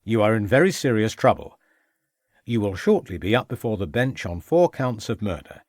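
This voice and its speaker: A man's voice: lowish voice, big pitch swings, moderate pace, a little mellow, no echo. A man reading an audiobook, voicing a shrewd, stern male police inspector who questions in a dry, mocking way. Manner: probing, dryly mocking.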